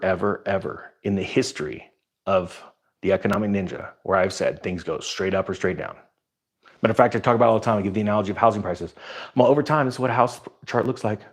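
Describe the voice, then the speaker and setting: A man hosting a finance channel, talking casually and with emphasis as he tells stories about markets. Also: fairly low pitch. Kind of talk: casual commentary to camera.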